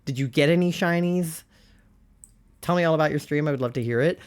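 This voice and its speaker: Sounding off from their normal voice because they're sick, this young adult Twitch streamer rambles through casual live-stream chat with giggles and plenty of fillers. Their mid-range voice moves fairly quickly.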